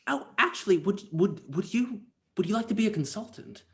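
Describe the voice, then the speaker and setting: A man's voice: mid-range voice, slow pace. A man voicing an emotional, effusive woman from a North Pole agency who stammers her thanks. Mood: eager.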